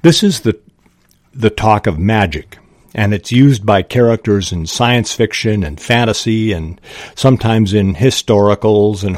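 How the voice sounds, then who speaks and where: A man hosting a podcast, explaining writing craft in a slow, thoughtful way, with small restarts. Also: on the low side, darkish tone, dry recording, studio quality. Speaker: podcast host.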